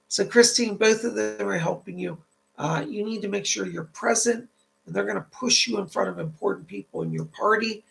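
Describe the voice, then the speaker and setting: A man hosting a live-stream psychic reading, chatty and relaying spirit messages, his voice tight and gravelly from the cold. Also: sits high, normal speed, a bit bright. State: voice tight and cracking from a cold house.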